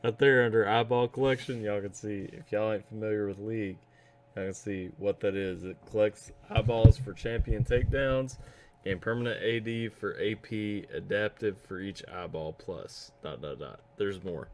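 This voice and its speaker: A man hosting a reaction video, giving excitable, casual commentary and often laughing. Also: lowish voice, normal speed, slight background noise.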